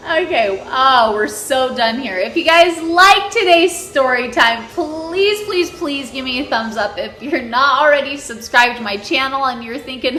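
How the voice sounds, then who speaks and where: A young woman vlogger with a high, bright voice, telling a crude story and laughing through it. Her pitch swings widely while her pace stays slow. She is recorded in an echoey room with faint music underneath. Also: lively intonation. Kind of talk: casual storytime vlog.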